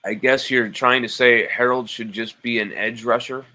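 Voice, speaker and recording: A man's voice: mid-range voice, steady tone, normal speed, bright, forceful tone, rough recording. A man hosting a live sports stream, reading chat comments aloud and arguing back with playful mock indignation.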